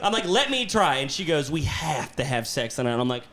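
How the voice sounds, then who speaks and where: A man's voice: medium pitch, animated, a little fast, fairly bright tone. A man hosting a podcast, telling a long comic story with lots of swearing and laughter. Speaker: podcast host, comedian. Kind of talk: casual storytelling chat.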